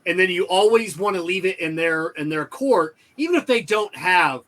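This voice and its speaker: A man's voice: high-pitched, lively intonation, moderate pace, fairly bright tone. A man co-hosting a casual podcast chat, telling a rambling anecdote and quoting both sides of the conversation. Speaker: podcast co-host.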